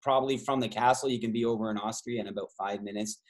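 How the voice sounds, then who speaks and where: A man's voice: fairly low pitch, fairly even intonation, fast. A man from Canada hosting a travel trivia game over a video call, rambling through side stories with many fillers. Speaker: trivia host and tour guide.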